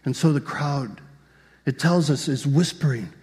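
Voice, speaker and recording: A man's voice: medium pitch, expressive, normal speed, darkish tone. A man preaching a sermon as a pastor, telling the story vividly and asking the congregation rhetorical questions. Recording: long reverb of a large hall.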